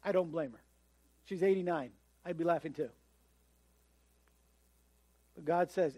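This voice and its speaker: A man's voice: on the high side, a little slow, pauses often, warm tone, breathy edge, no echo. A man preaching a sermon in a conversational way, often acting out the voices of the people he quotes. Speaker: pastor.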